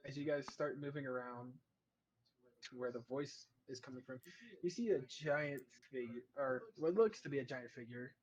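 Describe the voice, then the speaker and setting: A man's voice: medium pitch, normal speed, poor audio. A man narrating a tabletop game as game master, loose and casual with many fillers.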